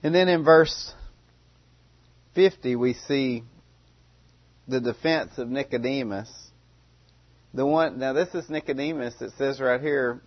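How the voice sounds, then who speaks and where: A man preaching a sermon. He talks in a relaxed, conversational way and often repeats phrases or starts over. The recording is dry and a little dull. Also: mid-range voice, unhurried, long pauses, dry recording.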